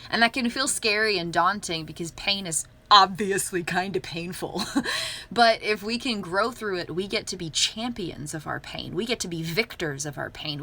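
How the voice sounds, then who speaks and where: Bright-voiced woman chatting on a livestream. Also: medium pitch. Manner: earnest, upbeat, laughs often. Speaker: livestream host. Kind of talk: casual livestream talk.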